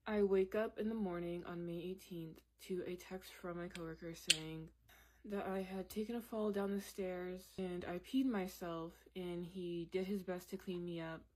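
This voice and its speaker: Woman telling a story time, slightly low. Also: steady tone, normal speed, warm tone. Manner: candid, conversational, laughs while telling.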